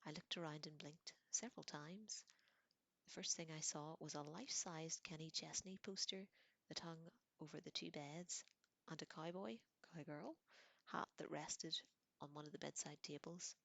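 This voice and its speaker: A woman reads a novel aloud, soft and often half-whispered, and she adds casual asides now and then. Her voice is low with a gravelly edge. The sound is close and dry. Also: fairly even intonation, normal speed, dry recording. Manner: casual asides between passages. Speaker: audiobook reader.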